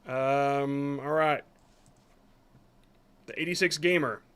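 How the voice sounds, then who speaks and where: A man's voice: mid-range voice, fairly even intonation, slow pace, fairly bright tone, clean tone. Hesitant man hosting a live review stream. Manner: hesitant, apologetic, many restarts. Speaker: live stream host reviewing short videos. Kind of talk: casual live-stream commentary.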